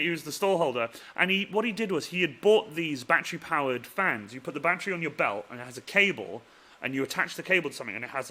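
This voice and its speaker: Bright-voiced man telling stories. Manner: animated storyteller, voice drops low and trails off at the ends of stories. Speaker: host. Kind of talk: casual chat.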